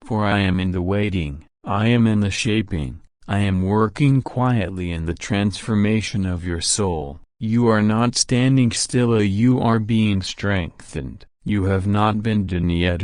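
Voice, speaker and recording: This is God , voiced by a man addressing his child in a devotional narration. The delivery is slow, measured and reassuring, pitched fairly low. The sound is close and dry, with no room around it. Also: darkish tone, no room sound. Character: God speaking to his child, calm and solemn.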